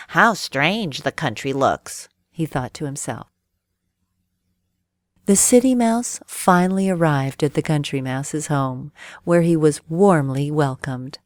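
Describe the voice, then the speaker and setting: A woman narrating a bedtime storybook, slow and clear. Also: deep voice, a little mellow, no echo.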